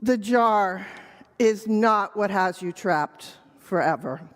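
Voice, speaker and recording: A woman voicing a sleepy, wise female owl who speaks gently and patiently. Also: sits high, slow pace, in a large hall.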